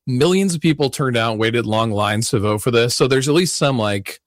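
A man co-hosting a casual political talk show, speaking in a laid-back, measured way. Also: mid-range voice, no echo, studio quality. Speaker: podcast co-host.

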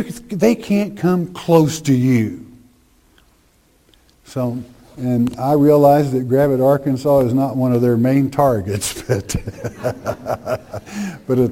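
A man preaching a sermon in a slow, conversational way, reading scripture with emphasis. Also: a little high, mellow.

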